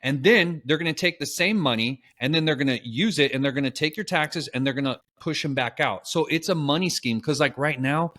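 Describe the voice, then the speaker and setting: A man, co-hosting a podcast from his apartment and telling stories in an animated, casual way with offhand swearing. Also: a little high, a little fast, hardly any pauses. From Texas. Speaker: podcast co-host. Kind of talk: casual storytelling chat. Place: apartment at home. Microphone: laptop call setup.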